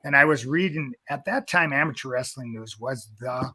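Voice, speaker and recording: A man's voice: medium pitch, normal speed, bright, forceful tone, husky, no echo. A man in his fifties from North Dakota, a wrestling coach being interviewed, telling a long story in a rambling way with many restarts.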